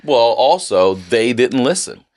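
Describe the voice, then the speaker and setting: A man's voice: medium pitch, sing-song, measured pace, a little mellow, no room sound, clean studio sound. A middle-aged man on a podcast, casually telling a profane story and acting out the people in it. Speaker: podcast guest.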